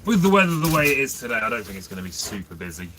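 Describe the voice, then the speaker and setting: Man on a livestream from his food van, lively up-and-down delivery, chatty with viewers, noisy background. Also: medium pitch, rapid-fire. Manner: chatty, reads out and answers viewer comments. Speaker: livestream host selling jacket potatoes. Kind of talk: casual livestream chat with viewers.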